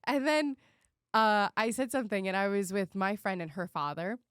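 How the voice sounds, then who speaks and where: A young woman co-hosting a casual podcast, telling animated stories and swearing freely. Her voice sits mid-range for a woman. The recording is dry and close. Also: mid-range voice, normal speed, clear, resonant tone, dry recording. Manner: animated, swearing, laughing storyteller. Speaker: podcast co-host. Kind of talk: casual chat.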